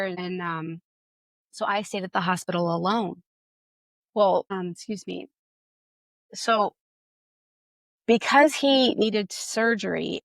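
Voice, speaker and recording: A woman's voice: mid-range voice, creaky, no room sound. A woman guest, a mother, telling an emotional personal story of faith in an interview, acting out what others said. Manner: earnest, emotional storytelling with quoted dialogue.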